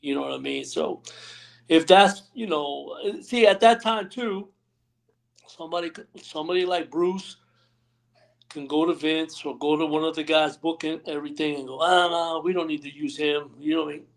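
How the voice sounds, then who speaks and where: Gravelly-voiced retired wrestler telling stories. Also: male voice, on the high side, normal speed. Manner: rambling anecdotes, acts out quotes, many "you know what I mean". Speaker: retired pro wrestler, guest. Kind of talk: storytelling interview. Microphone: remote live stream call.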